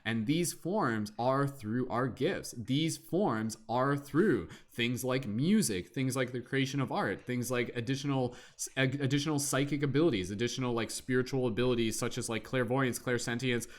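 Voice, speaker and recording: A man's voice: mid-range voice, moderate pace, few pauses. A young man giving a casual live-stream tarot reading, reading card text aloud and then chatting loosely with lots of "like". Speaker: tarot reader.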